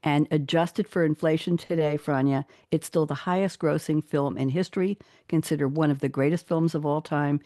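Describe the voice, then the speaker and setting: A woman hosting a casual radio interview from her home studio, lively and quick. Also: low voice, no echo. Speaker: radio show host.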